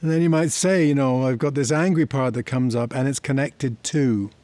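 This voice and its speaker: A man's voice: medium pitch, normal speed, darkish tone, dry recording. Man, middle-aged, reflective, conversational, teaching to camera. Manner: reflective, conversational, tells personal stories. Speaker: therapy teacher. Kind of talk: explanatory talk to camera.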